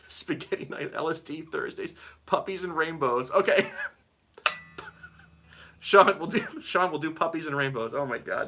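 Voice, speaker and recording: A man's voice: on the high side, bright, forceful tone. A man teaching guitar on a live stream, giggling and rambling as he reads the chat, with guitar playing behind.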